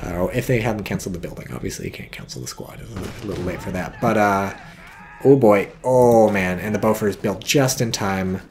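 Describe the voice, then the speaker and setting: A man casting a strategy game replay in casual commentary, excitable, swearing freely and exclaiming often. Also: lowish voice, a little fast, a little hiss or hum.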